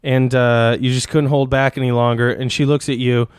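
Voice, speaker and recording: A man's voice: medium pitch, level tone, moderate pace, clean tone, no room sound. Joking man in dry close-mic banter. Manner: joking, laughs often, acts out lines. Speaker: podcast co-host. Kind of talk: crude comedic banter. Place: small room, close to the mic. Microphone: studio mic.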